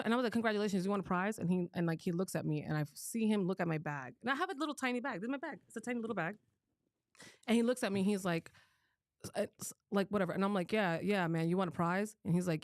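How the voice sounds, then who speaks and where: A woman's voice: mid-range voice, fast talker, dry recording, clean studio sound. A young woman co-hosting a podcast, telling a story in casual chat and acting out the quotes. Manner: animated, acts out quotes with voices. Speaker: podcast co-host.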